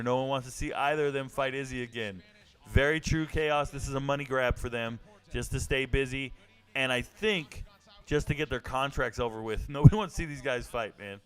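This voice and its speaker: A man's voice: mid-range voice, fairly bright tone, smooth. A man hosting a casual livestream, chatting loosely, joking and answering viewers' comments. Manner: laid-back, joking, reads and answers chat. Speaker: livestream host.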